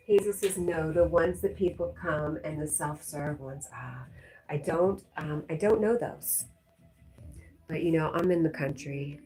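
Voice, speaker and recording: Livestream host, woman from Connecticut, lowish and warm, slightly breathy, chatty and easy. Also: a little slow, faint music behind. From Connecticut, USA. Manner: reads viewer comments aloud, chatty, laughs often. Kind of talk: casual livestream chat.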